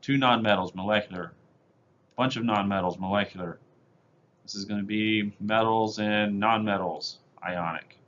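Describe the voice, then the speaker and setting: A man's voice: on the low side, normal speed, a bit bright, highs cut off, slight background noise. A male chemistry teacher giving a recorded lecture over slides, explaining step by step in a plain, methodical way with casual fillers.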